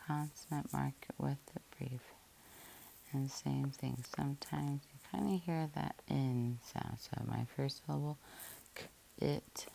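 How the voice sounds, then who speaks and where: Slow gravelly-voiced woman teaching phonics. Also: rumbling low, warm tone, a little hiss or hum. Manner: patient, methodical, spells words out letter by letter. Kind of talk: slow phonics lesson, syllable by syllable.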